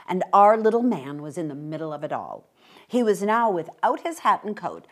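Low-voiced woman reading a story aloud. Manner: expressive, brisk narration. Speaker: reader.

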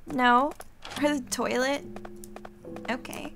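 A woman hosting a let's play, excitable, reading game text aloud between gasps and squeals. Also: sits high, slow, gravelly, a little hiss or hum. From United States. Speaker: gaming video host. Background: game music.

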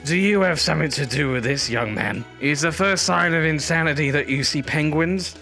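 A man's voice: on the high side, a little fast, creaky, sharp tone, soft background music. A man giving theatrical, rambling commentary on a VR game while hamming up a drunk character. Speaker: VR gameplay streamer. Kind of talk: comedic VR gameplay commentary.

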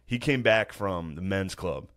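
A man's voice: low voice, expressive, a little slow, a bit bright. A young man hosting a comedy podcast, telling a family story in casual, crude slang and laughing often. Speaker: podcast host. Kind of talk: comic storytelling chat.

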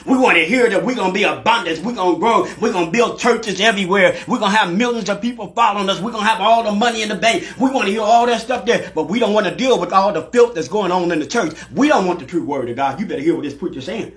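Fiery preacher man, bright high voice. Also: quick pace, hardly any pauses. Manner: preaching with shouted bursts and call-outs. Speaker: pastor. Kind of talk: fiery live sermon. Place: church sanctuary.

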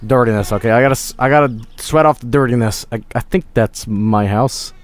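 A man streaming a game, joking loudly, swearing often and hamming up being drunk. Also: a little fast, smooth. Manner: plays at being drunk, loud swings of pitch. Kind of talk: let's-play commentary.

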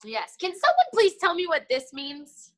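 Playful high-voiced woman teaching kids online. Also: wildly swooping pitch, moderate pace. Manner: upbeat, playful, teasing. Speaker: martial arts instructor. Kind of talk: online kids' class on a video call. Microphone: video call.

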